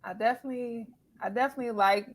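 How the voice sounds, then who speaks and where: A woman guest on a casual talk show, a singer and comedian, answering in a playful, animated way with lots of laughter. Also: on the high side, racing, poor audio. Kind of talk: casual interview chat.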